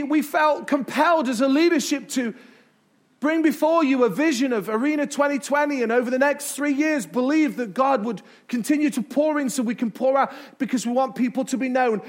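A man preaching as a pastor in a church, emphatic, with dramatic pauses and repetition. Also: very high-pitched. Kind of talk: sermon. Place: church sanctuary.

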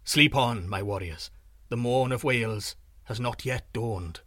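A man voicing a noble legendary king who speaks calmly, slowly and with authority. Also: medium pitch, dry recording, clean studio sound, pitched below the performer's own voice. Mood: regal. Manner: calm, regal, slow.

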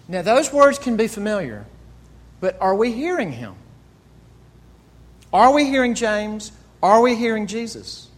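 A man's voice: sits high, sing-song, unhurried, long pauses, fairly bright tone, big-room sound. A male pastor preaching a sermon earnestly, asking rhetorical questions and often repeating words as he goes.

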